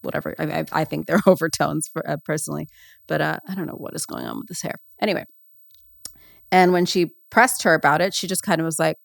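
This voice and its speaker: A woman's voice: low voice, fairly even intonation, quick pace, vocal fry, no echo, clean studio sound. A woman hosting a podcast in casual, comedic chat, rambling and sarcastic with lots of fillers. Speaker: podcast host.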